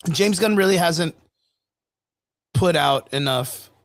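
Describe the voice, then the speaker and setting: A man co-hosting a casual podcast chat, animated and quick to laugh, swearing freely. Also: high voice, vocal fry, no echo, studio quality. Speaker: podcast co-host.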